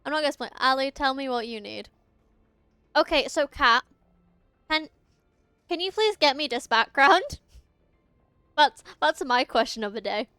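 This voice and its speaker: A woman's voice: high voice, expressive, fairly quick, a bit bright, no room sound, soft background music. A young woman streaming a game, chatting casually with her viewers, giggling and tripping over her words. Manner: giggly, chatty, often talks to chat, trips over words.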